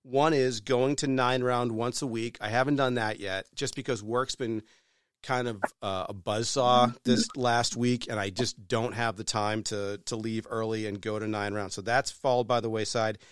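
A man on a podcast telling a story in casual, animated chat, swearing freely. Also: medium pitch, normal speed, clean tone, no echo, clean studio sound.

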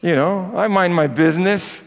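A man's voice: high voice, moderate pace. A priest giving a conversational sermon to his congregation, with personal asides. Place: church. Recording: echoey church with long reverb.

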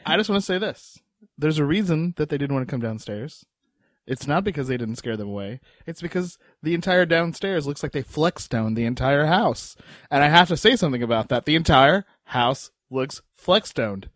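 A man's voice: fairly high pitch, animated, normal speed, fairly bright tone, no echo. A man as a podcast guest in casual chat, wry and emphatic, with mock-haughty asides.

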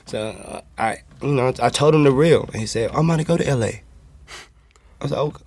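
Animated man telling a story. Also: mid-range voice, brisk, husky, dry recording. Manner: animated, acts out quoted voices. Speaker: guest. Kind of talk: casual storytelling.

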